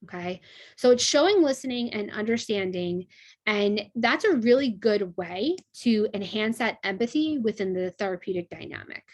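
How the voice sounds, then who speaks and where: A woman's voice: medium pitch, lively intonation, moderate pace. Woman teaching a counseling class. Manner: conversational, many fillers and rhetorical "right?". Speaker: instructor.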